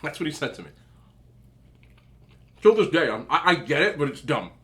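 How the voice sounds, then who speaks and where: A young mukbang vlogger eats and talks with his mouth full, sharing chatty stories in a casual way. His voice is on the high side, very animated and fairly bright, at a normal speed.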